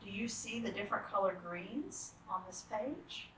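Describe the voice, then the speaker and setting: A woman reading picture books aloud to children, animated and full of gasps and exclamations. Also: medium pitch, moderate pace, reverberant, distant mic, poor audio. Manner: animated, gasping, exclaiming to young listeners. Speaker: children's storytime reader.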